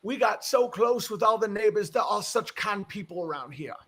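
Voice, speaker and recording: A man's voice: high voice, lively intonation, moderate pace, pushed and bright, breathy edge, pitched above the performer's own voice, exaggerated voice. A man voicing a cheerful elderly Southern good old boy with a friendly, folksy drawl. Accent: Southern US drawl, put on.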